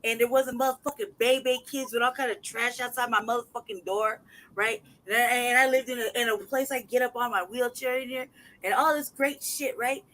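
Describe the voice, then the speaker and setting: A man holds forth on a casual livestream in a heated, profane torrent. His voice sits unusually high for a man. He reads documents aloud with open mockery. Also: fairly even intonation, a little fast, bright, forceful tone, low-quality recording. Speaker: livestream host.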